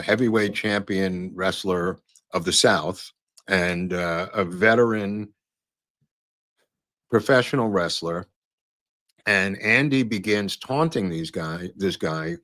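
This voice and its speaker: A man's voice: low-pitched, fairly bright tone, no room sound. A man hosting a podcast, talking casually over photos and clips in a rambling way with many fillers and restarts. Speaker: podcast host.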